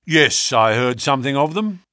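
A man's voice: medium pitch, lively intonation, moderate pace, sharp tone, no echo, clean studio sound. A man reading an audiobook, voicing a hearty, self-assured police inspector who speaks in a matter-of-fact way.

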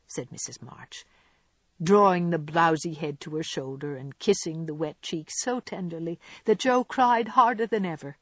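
Breathy woman narrating a classic novel. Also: low voice, no echo. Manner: expressive, measured storytelling. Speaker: audiobook narrator.

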